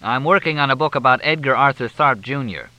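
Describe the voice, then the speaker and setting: A man voicing a glib, wisecracking male journalist who trades flip, deadpan remarks. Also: mid-range voice, a little fast, dry recording, voice pushed up, low-quality recording.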